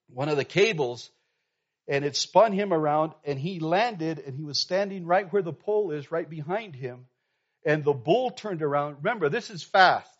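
A male pastor telling a story in a sermon, moving from quiet and soft to loud and animated. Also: fairly high pitch. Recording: dull lo-fi sound.

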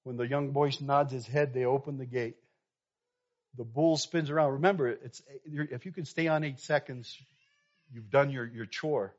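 A male pastor telling a story in a sermon, moving from quiet and soft to loud and animated. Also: mid-range voice, moderate pace. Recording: dull lo-fi sound.

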